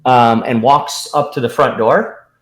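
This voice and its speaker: A man's voice: mid-range voice, fairly even intonation, unhurried, reverberant. A man narrating as game master, rambling with hesitant restarts.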